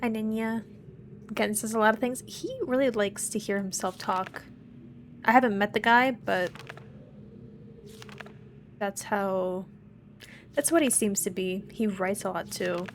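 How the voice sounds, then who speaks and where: A woman's voice: mid-range voice, measured pace, long pauses, a little hiss or hum. A young woman streaming a puzzle game, muttering to herself as she works things out aloud. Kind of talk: casual live game commentary.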